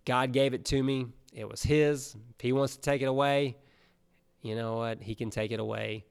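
A male pastor preaching in an easygoing, animated storytelling manner. His voice sits at an ordinary middle pitch, and he talks plainly, as if chatting with his congregation. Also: normal speed, gravelly, clear, resonant tone. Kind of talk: sermon.

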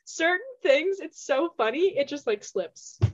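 A woman's voice: sits high, expressive, a little slow, dull audio. A young American woman co-hosting a casual chat podcast from a small room, bubbly and rambling, saying "like" a lot. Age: young adult. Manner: bubbly, rambling, heavy use of "like". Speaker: podcast co-host. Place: small dorm room with thin walls.

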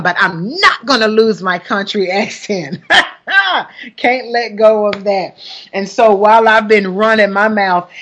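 Chatty Southern woman in her forties. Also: medium pitch. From Alabama, US. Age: 40s. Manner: chatty, warm greetings to listeners, upbeat. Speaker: host and pastor. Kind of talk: casual live broadcast chat.

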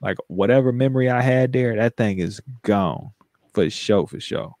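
A man's voice: mid-range voice, normal speed, darkish tone, no room sound. A man co-hosting a casual chat, telling jokey stories in a slangy way. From San Francisco. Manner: joking, slangy storyteller.

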